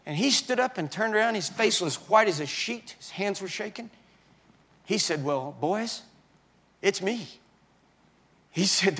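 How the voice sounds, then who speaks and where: A man preaching in a sermon, telling his own story with halting restarts and swings between hushed and loud moments. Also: sits high. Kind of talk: sermon testimony.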